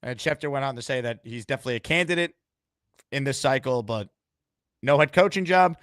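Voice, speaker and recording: A man's voice: medium pitch, brisk, fairly bright tone, no echo, studio quality. A man hosting a live-streamed call-in show, upbeat and hyping up callers and superchats. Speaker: host.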